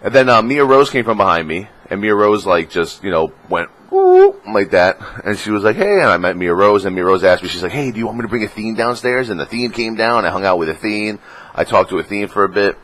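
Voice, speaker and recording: A young man telling a profane, excitable story about a gaming convention in a casual vlog. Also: a little fast. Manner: excitable, profane, acts out quotes in a high voice. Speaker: gaming vlogger.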